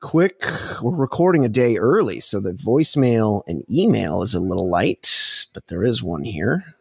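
A man's voice: fairly low pitch, sing-song, normal speed, vocal fry, breathy edge, dry recording, clean studio sound. A man co-hosting a comedy podcast, riffing with wry, casual banter. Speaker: podcast co-host.

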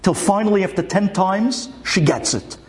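A man telling a religious folk tale in an animated, dramatic way. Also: high voice, moderate pace. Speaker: storyteller.

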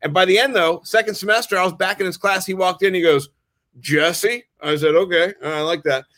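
Rambling, fast-telling male podcast host. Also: sits high, steady tone, a bit bright, dry recording. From Maryland, United States. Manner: rambling storyteller, stammers on restarts. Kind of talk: casual sports chat.

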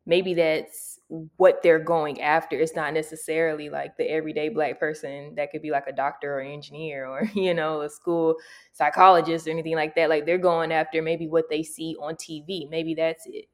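A woman's voice: low voice, flat delivery, normal speed. A woman co-hosting a casual group chat, musing and searching for her words. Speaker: podcast co-host.

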